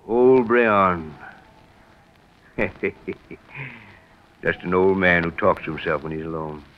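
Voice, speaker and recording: An actor playing an aging, fatherly lighthouse keeper in an old radio drama, gruff but soothing. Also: deep voice, highs cut off, a little hiss or hum. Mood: musing. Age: older.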